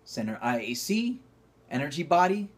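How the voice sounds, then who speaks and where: With a husky, sing-song voice on the high side, this acting teacher speaks at a moderate pace while demonstrating movement exercises to camera. He coaches and calls out cues, breaking into loud, effortful bursts.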